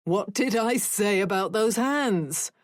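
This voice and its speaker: Brusque dad, defensive, read by a woman, measured and unhurried, close dry read. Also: mid-range voice, animated, no room sound. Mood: dismissive. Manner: brusque, dismissive. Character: gruff British father, dismissive and defensive.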